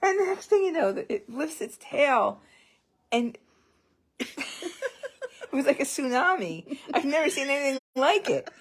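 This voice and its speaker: A woman co-host telling a story in casual chat, animated and laughing often. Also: high voice, unhurried, long pauses. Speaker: co-founder and co-host.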